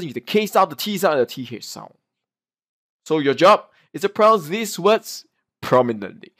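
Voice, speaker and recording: A young man with a Singaporean English accent teaching pronunciation, reading tongue twisters slowly and adding chatty asides to the viewer. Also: medium pitch.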